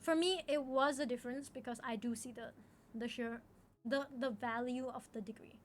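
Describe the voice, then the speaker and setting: A woman's voice: fairly high pitch, fairly even intonation, moderate pace. A young woman streamer chatting casually with her viewers, talkative, often repeating phrases and laughing.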